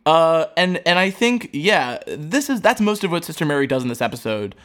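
A man's voice: on the high side, very animated, moderate pace, a bit bright. A man co-hosting a podcast, chatting casually about a TV show and acting out the characters' lines with laughs. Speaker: podcast co-host. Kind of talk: casual chat recapping a TV show.

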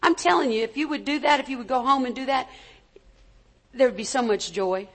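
A woman with a notably high-pitched voice preaches to her congregation. She speaks in an informal, conversational way and keeps asking the room for an amen. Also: fairly quick. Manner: conversational, calls for amens from the congregation. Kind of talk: sermon.

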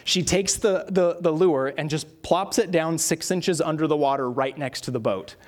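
A man's voice: a little high, moderate pace. A man, a pastor preaching a sermon and telling stories with acted-out quotes.

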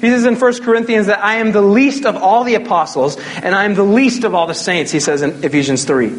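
A man's voice: high-pitched, a little fast, a little hiss or hum. A young man preaching a sermon as a pastor, in a casual, conversational way with jokes.

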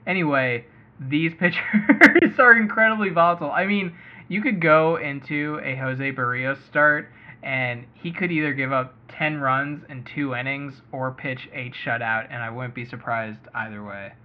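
A man's voice: mid-range voice, measured pace. A man hosting a casual sports podcast, chatty and thinking aloud with lots of hedging. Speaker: fantasy baseball podcast host. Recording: muffled lo-fi audio.

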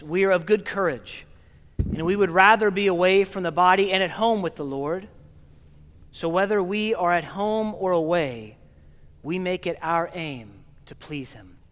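A priest from Oklahoma giving an earnest, gently paced funeral sermon in a large church. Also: male voice, high voice, a little slow. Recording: long reverb of a church hall.

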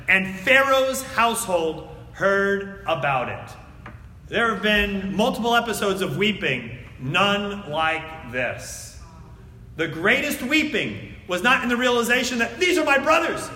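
A man preaching a sermon and reading scripture aloud, swinging between loud emphatic lines and hushed, near-whispered words. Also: high-pitched, very animated, slow pace. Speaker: pastor. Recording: echoey hall.

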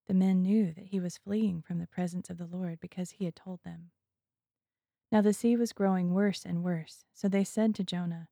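A woman reading scripture aloud in a measured, solemn way. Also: fairly low pitch, steady tone, gravelly, dark tone, no room sound. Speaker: scripture reader.

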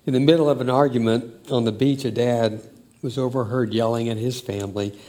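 An older man telling family stories in a slow, reflective, emotional way. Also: medium pitch, steady tone. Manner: slow, warm, emotional storytelling.

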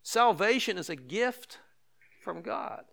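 High-voiced older male pastor preaching. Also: animated, takes it slowly, gravelly, fairly bright tone. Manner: conversational preaching with emphatic repetition and asides. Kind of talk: sermon.

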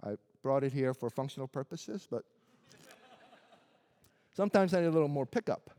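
A man's voice: medium pitch, expressive, normal speed, warm tone. A man whose first language is Korean, preaching a sermon in an earnest, emphatic way and building through lists of rhetorical questions. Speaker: pastor. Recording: long hall reverb.

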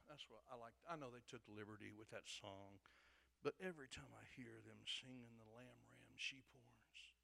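A man preaching a sermon who swings between hushed asides and loud, emphatic passages. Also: medium pitch, moderate pace, vocal fry. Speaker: pastor. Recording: long hall reverb.

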